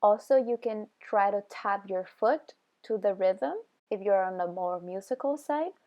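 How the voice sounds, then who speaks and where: A young woman calmly explaining a study method step by step, in a tutorial voice-over. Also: mid-range voice, dull audio. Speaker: student video host.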